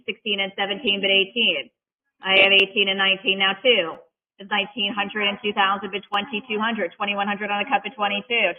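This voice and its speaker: An auctioneer calling bids at a live auction in a rapid-fire chant, mixing in playful patter between the numbers. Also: mid-range voice. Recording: tinny phone-like audio.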